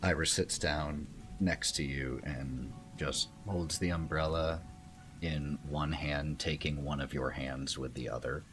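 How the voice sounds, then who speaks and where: A man as game master, narrating a tabletop role-playing scene in a slow, calm, descriptive way. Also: very deep voice, faint music behind.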